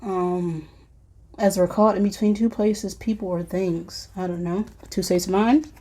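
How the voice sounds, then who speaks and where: Slow, mellow-voiced woman tarot reader. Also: medium pitch, fairly even intonation. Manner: reflective, talks straight to the viewer, sighs and soft asides. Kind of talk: collective tarot and oracle card reading.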